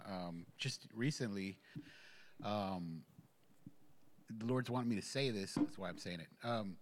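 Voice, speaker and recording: Man, church testimony, casual rambling storytelling, lots of ums and restarts, middle pitch. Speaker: church member giving a testimony.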